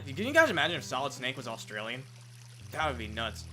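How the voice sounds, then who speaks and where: A man's voice: medium pitch, very animated, fast talker, bright, forceful tone, soft background music. A young man casually commentating a video game, wry and rambling, with the odd swear and aside. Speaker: let's play commentator. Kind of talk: game commentary, reading dialogue aloud.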